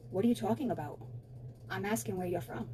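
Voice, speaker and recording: A woman's voice: medium pitch, fast talker, warm tone, a little hiss or hum, close to an everyday voice, low-quality recording. A woman reading out the messages of a pushy male scammer posing as a doctor, in broken English. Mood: insistent. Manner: broken English, insistent questioning.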